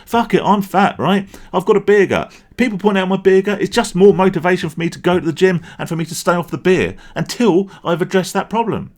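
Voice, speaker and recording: A man with a fairly high voice, delivering a blunt, emphatic vlog rant. He swears freely and drives each point home with force. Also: fairly quick, hardly any pauses, a little mellow. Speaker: vlogger. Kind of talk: ranting vlog monologue.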